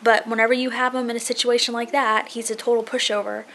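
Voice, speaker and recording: Chatty young mom vlogging at home. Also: female voice, fairly high pitch, quick pace, a little hiss or hum. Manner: chatty, animated storytelling with quoted voices. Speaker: family vlogger. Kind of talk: casual vlog chat. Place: house being painted, indoors.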